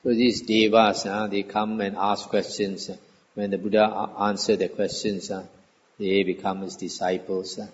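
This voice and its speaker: An older man, a Buddhist monk giving a measured, hesitant Dhamma talk with many fillers. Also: on the low side, level tone. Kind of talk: Dhamma talk reading and explaining scripture. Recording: dull lo-fi recording with long hall reverb.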